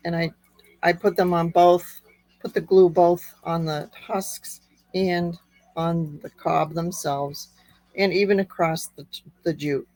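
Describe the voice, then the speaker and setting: A woman with a slightly squeaky voice, chatting through a card-making tutorial step by step. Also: fairly even intonation, a little mellow, dry recording, low-quality recording. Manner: unhurried, chatty step-by-step explaining. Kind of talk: craft tutorial narration.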